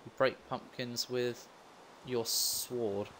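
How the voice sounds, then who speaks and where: A man's voice: medium pitch, expressive, extremely slow, a bit bright, slight background noise. Rambling young man gaming. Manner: rambling, self-mocking asides. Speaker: let's play gamer. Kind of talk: casual gameplay commentary.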